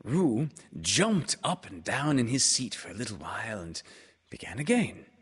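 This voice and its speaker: A man reading a children's storybook aloud, unhurried and expressive. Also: medium pitch, breathy edge. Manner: slow, expressive read-aloud.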